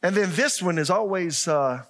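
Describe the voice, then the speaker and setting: A man's voice: high voice, animated, moderate pace, a bit bright. An older man, a pastor, preaching a conversational sermon and asking his congregation questions.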